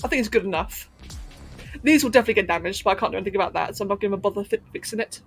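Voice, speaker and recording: A woman from England with a posh London accent, softened by a little Californian, chatting casually and laughing with her chat during a gaming livestream. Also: medium pitch, racing, breathy edge, soft background music. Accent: posh London English, slightly Californian-tinged. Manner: chatty, giggly, answers chat while playing.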